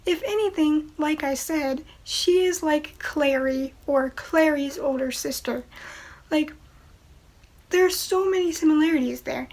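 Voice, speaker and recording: A woman's voice: high-pitched, a little mellow. A woman casually reviewing a movie in a chatty, opinionated way, with exasperated asides.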